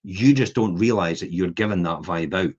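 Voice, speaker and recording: A man's voice: low voice, moderate pace, a little mellow. A man, hosting a podcast and chatting casually, acting out the voices in his anecdotes. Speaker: podcast host. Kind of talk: casual chat. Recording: dull lo-fi podcast audio.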